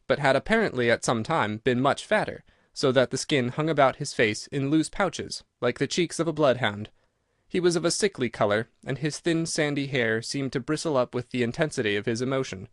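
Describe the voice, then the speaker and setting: A man reading an audiobook in a steady, measured storytelling manner, close to the mic. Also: medium pitch, no room sound. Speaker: narrator. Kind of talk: audiobook narration.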